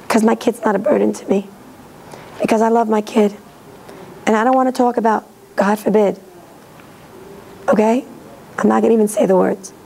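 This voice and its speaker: A middle-aged woman lecturing in a synagogue, talking directly and lively and acting out parents' voices. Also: medium pitch, creaky, slight background noise, rough recording.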